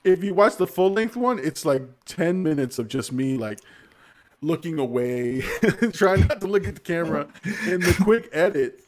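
A man's voice: on the high side, animated, normal speed. A man in his forties hosting a casual livestream podcast, chatty and rambling, laughing often. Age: 40s. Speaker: podcast host.

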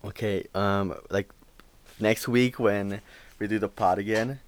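A man's voice: fairly low pitch, steady tone, a little slow. A young man co-hosting a podcast, chatting in an easygoing way and asking questions. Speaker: podcast co-host. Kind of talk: casual chat.

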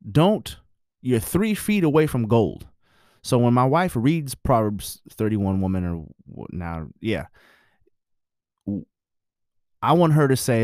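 A man's voice: mid-range voice, big pitch swings, takes it slowly, long pauses, a little mellow, no echo, clean studio sound. A married man giving his views in a blunt, preachy, profane casual monologue.

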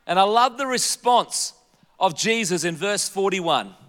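High, bright-voiced preacher in a reverberant hall. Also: male voice, expressive, a little slow. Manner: conversational preaching with humor and repeated fillers. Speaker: pastor and denominational leader. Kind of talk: sermon.

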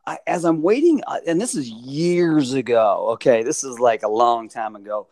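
A man co-hosting a podcast in casual chat, chiming in with quick agreement and laughing often. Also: mid-range voice, animated, darkish tone. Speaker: podcast co-host.

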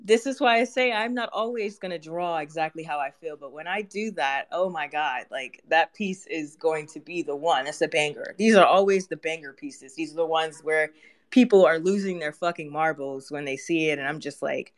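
A candid artist chatting in a podcast interview with a middle-pitched voice. They talk openly and expressively and laugh easily. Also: normal speed. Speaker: artist guest. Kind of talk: casual interview chat.

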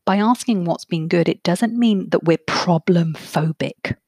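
A woman, a therapist hosting her own podcast, explaining ideas in a clear, measured way and slowing down to stress key phrases. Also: fairly low pitch, darkish tone, no room sound, clean studio sound. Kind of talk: solo podcast talk.

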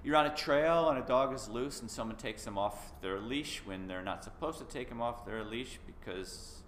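A man's voice: mid-range voice, normal speed, a bit bright. A man co-hosting a podcast in casual chat, easygoing and rambling, with frequent restarts. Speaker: podcast co-host. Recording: echoey room with faint noise.

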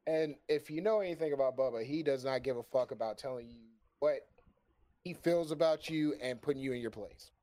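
On a stream, a man with a mid-range, brisk voice tells a long story in casual chat. He's profane and animated, swearing freely and laughing often.

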